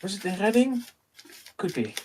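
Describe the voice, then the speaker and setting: A man in his thirties with a Dutch accent, telling an animated personal story in casual chat and acting out the dialogue. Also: high-pitched, moderate pace, slight background noise. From Netherlands. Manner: animated, acts out dialogue, laughs often. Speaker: host.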